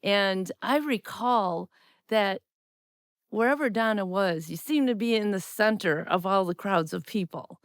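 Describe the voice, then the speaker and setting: Woman podcast host, smooth clear voice, chatty, laughs a lot, dry close mic. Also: medium pitch, unhurried, no echo. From Wisconsin, US. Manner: chatty, laughs often, many fillers like you know. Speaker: podcast host, former teacher. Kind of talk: casual interview chat.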